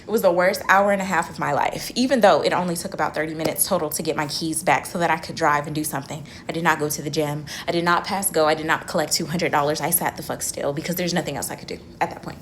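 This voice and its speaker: A young woman vlogging from her car, telling a dramatic story in a casual, animated way and swearing freely. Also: sits low, fast talker, few pauses, slight background noise.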